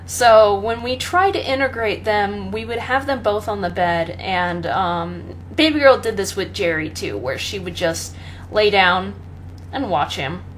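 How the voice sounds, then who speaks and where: A young woman chatting casually about her pets, rambling with many pauses and fillers and often breaking into laughter. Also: medium pitch, slight background noise. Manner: rambling, full of ums and laughs, talks to her cat. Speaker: pet owner vlogger. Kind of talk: casual chat.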